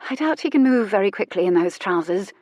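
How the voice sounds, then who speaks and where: A woman voicing a clever, witty young woman who answers in a distracted, breathy murmur. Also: mid-range voice, expressive, a little fast, a little mellow, no echo, natural voice. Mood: wry.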